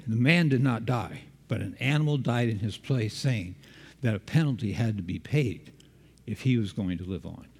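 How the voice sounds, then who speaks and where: Male preacher, mid-pitched, conversational sermon delivery, quizzes the room, long hall reverb. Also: a little mellow. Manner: engaging, quizzes the congregation.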